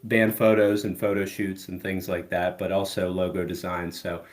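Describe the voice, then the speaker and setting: Deep-voiced rambling man. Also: moderate pace. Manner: relaxed, rambling, many "you know" fillers. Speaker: guest musician. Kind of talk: casual interview chat.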